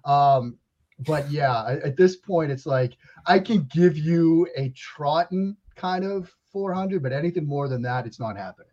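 A man in his forties speaks with a strong Boston accent in a slightly high voice. He chats easily and trips over his own restarts. The remote recording sounds a bit dull and lo-fi. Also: a little slow, a little mellow. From Waltham, Massachusetts. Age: 40s. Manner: chatty storyteller with frequent restarts. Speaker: guest analyst. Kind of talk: casual podcast chat. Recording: lo-fi remote audio.

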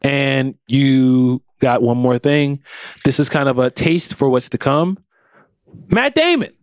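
A man co-hosting a casual podcast about movies, talking in an animated way and jumping his voice up high when he mocks something. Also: a little slow, clean tone, no echo, studio quality. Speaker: podcast co-host.

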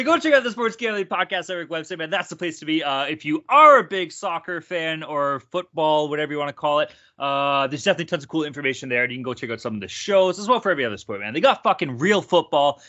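A man hosting a casual sports podcast, energetic and swearing freely. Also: a little high, dull audio. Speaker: podcast host.

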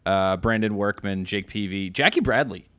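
A man's voice: lowish voice, moderate pace, a bit bright, clean tone, no room sound. A man co-hosting a casual sports podcast, easygoing, trading stats and jokes. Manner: easygoing, lots of fillers and restarts. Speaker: podcast co-host.

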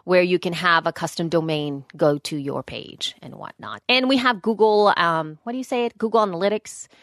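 A woman's voice: on the low side, moderate pace, no room sound, clean studio sound. Chatty self-deprecating woman co-host. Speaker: podcast co-host. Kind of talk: casual chat.

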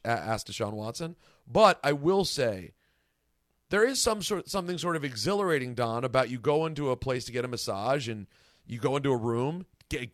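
A man hosting a casual podcast chat, talking in an excitable, rambling way. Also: medium pitch, dry recording, clean studio sound. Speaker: podcast host.

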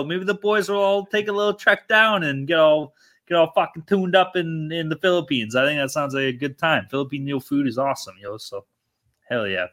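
A young man hosting a podcast in loose, profane, joking banter. His voice is bright and a little high for a man, and he talks in an easy, casual way. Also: fairly even intonation, a little fast. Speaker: podcast host.

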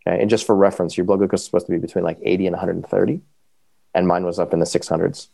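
Fast-talking low gravelly man. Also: dry recording. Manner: animated, quick, full of fillers. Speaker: podcast guest. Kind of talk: casual storytelling.

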